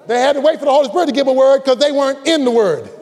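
A man's voice: very high voice, rapid-fire, darkish tone, slight background noise. A male pastor delivering an emphatic sermon, repeating key lines and calling on the congregation to respond. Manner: emphatic preaching with repetition and call-and-response. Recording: long reverb of a large hall.

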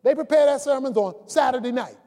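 A man's voice: very high-pitched, a little fast, dark tone. A man preaching a sermon as pastor, emphatic and calling out key words to his congregation. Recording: long reverb of a large hall.

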